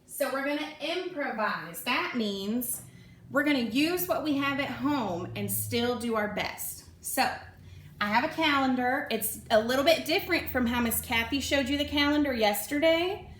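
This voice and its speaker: A woman's voice: sits high, expressive, roomy sound, slight background noise. A woman teaching young children a lesson remotely from home, explaining patiently and encouraging them. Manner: slow, patient, encouraging explaining to small kids. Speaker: kindergarten teacher.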